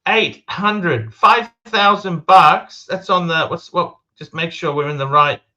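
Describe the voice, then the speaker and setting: A man hosting a relaxed livestream, with a high voice. His tone is very bright and ringing, and he swears freely and gushes with enthusiasm. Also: unhurried, muffled recording. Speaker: livestream host. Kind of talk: casual livestream chat.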